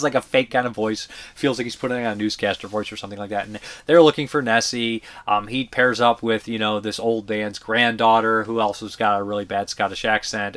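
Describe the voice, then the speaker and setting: A man's voice: fairly low pitch, a bit bright. A man giving blunt, profane, rambling movie reviews in a casual vlog, full of fillers and restarts. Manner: blunt opinionated talk.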